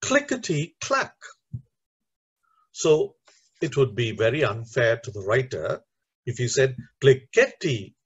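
A man's voice: medium pitch, expressive, normal speed, breathy edge, lo-fi sound. A man teaching teachers in a recorded lecture, explaining step by step and often checking in with "right?". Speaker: teacher trainer.

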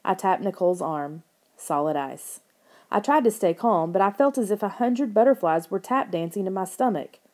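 A woman reading a story aloud as audiobook narration, in an expressive telling voice. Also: mid-range voice, normal speed. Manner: expressive reading, raises her voice for characters' lines.

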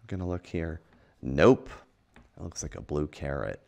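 Man, picture book read-aloud, playful, low gravelly voice, lively swooping pitch, unhurried. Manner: playful, chatty, enthusiastic. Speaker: children's book reader.

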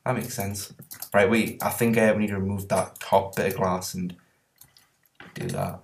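A man's voice: sits low, steady tone, moderate pace, a little hiss or hum. A young man, chatting casually and joking while playing a game on stream. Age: young adult. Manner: laid-back and jokey. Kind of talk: casual gaming chat.

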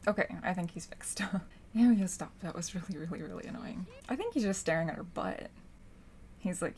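Young female gameplay host, bright excitable delivery, lively swooping pitch. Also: moderate pace, faint music behind. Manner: excitable, squeals and gushes. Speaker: gaming channel host. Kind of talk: casual gameplay commentary.

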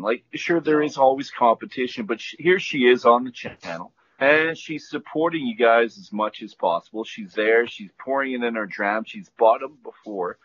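A man's voice: medium pitch, a bit bright, slight background noise. Guy chatting on a video call, earnest, muffled lo-fi audio. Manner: teasing then earnest. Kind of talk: casual chat.

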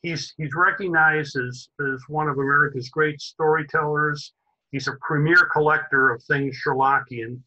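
Halting man hosting a society meeting. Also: a little high, steady tone, pushed and bright, muffled recording. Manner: halting, many fillers and restarts. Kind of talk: hesitant introductory remarks.

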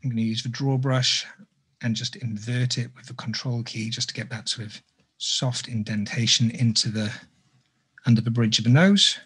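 A man's voice: mid-range voice, steady tone, moderate pace, a bit bright, husky. A man giving a live sculpting tutorial, chatty and self-deprecating, drifting into jokey asides. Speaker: sculpting instructor.

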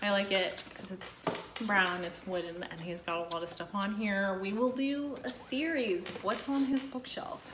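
A woman's voice: mid-range voice, steady tone, normal speed. A woman from Texas with a Southern accent, hosting a casual chat in a chatty, playful way. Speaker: host. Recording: echoey room with faint noise.

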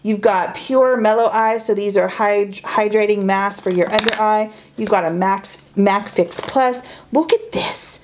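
A woman chatting excitedly through a beauty haul, gushing and saying "like" and "y'all" a lot. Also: medium pitch, a little slow, hardly any pauses, noisy background. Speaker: beauty vlogger. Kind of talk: casual haul chat.

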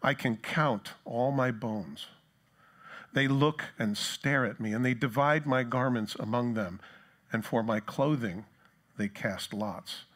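A male pastor with a somewhat low, slightly bright voice delivers a sermon in a conversational style. Now and then he slips into a voice of his own to act out the mocking taunts of a crowd.

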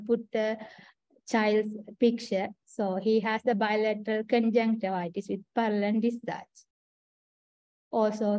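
A woman's voice: on the high side, dark tone, no echo, dull audio. A woman with a Sri Lankan accent giving a clinical case presentation, hesitant with many fillers and restarts. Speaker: trainee doctor presenting a case.

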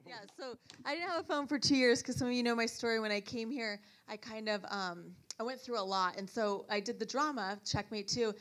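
A woman giving her testimony in church, with a bright, crisp voice. She rattles off her story quickly and lively, voicing each person as she goes. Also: fairly high pitch. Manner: animated storytelling with quoted dialogue. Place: church service.

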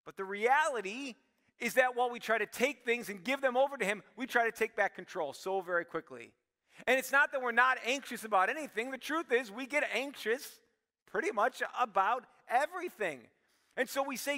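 A man preaching a sermon as pastor, talking animatedly and acting out quick prayers, then dropping to hushed tones. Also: extremely high pitch, expressive, long reverb tail.

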